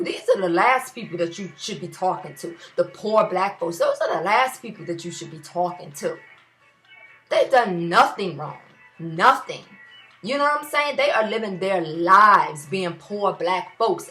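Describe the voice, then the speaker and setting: A woman's voice: medium pitch, sharp tone. A young woman with a New York area accent, ranting heatedly in a video blog, cursing and repeating phrases for emphasis. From US tri-state area. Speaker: vlogger.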